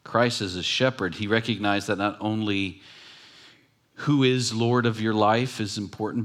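A man with a fairly low voice preaches a sermon. He talks in a relaxed, conversational way, but leans hard on key phrases and repeats them for emphasis. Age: adult with children. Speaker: pastor.

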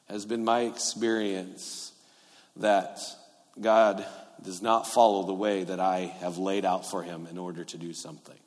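A middle-aged pastor delivering a sermon in a relaxed, talky way. His voice sits at an ordinary male pitch. He leans hard on key words and then falls quiet for asides, and every phrase rings on in the long reverb of a large hall. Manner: conversational preaching, swinging from loud emphasis to near-quiet asides.

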